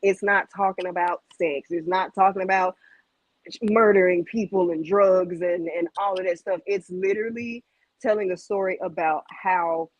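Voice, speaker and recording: A young woman from Mississippi with a Southern accent, a guest singer chatting in an interview, bubbly and quick to laugh. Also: on the low side, dry recording, poor audio. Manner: bubbly, giggly, lively. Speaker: R&B group member, guest. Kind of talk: casual interview chat.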